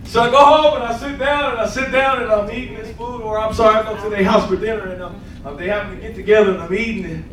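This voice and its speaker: A man's voice: high-pitched, quick pace, hardly any pauses. A man preaching a sermon and telling his own testimony, acting out scenes and laughing as he goes. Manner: animated storyteller, acts out scenes, laughs often. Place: church sanctuary. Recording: echoey church, mic from a distance, faint room noise.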